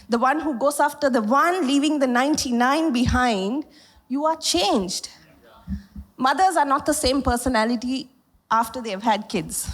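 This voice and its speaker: A woman in her thirties giving a lively sermon on stage to a congregation and leading call-and-response. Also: high-pitched. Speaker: pastor's wife and co-leader. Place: church hall, standing on stage.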